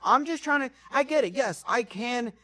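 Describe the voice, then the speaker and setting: A young man co-hosting a podcast in casual chat. He tells animated stories, and his voice jumps high when he gets worked up. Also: normal speed, dry recording, studio quality. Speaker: podcast co-host.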